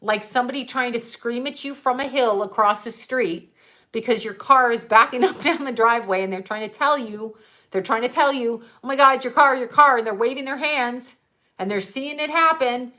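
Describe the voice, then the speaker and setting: A woman's voice: fairly high pitch, moderate pace, sharp tone. A middle-aged woman working as a psychic medium, chatting casually and candidly with viewers, swearing and laughing often. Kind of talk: casual livestream chat with viewers.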